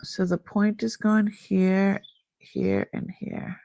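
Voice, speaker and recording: A woman's voice: mid-range voice, level tone, takes it slowly, vocal fry, dark tone. A middle-aged woman hosting a live jewelry sale, chatting casually and admiring each piece as she rambles. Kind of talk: casual live-stream selling chat.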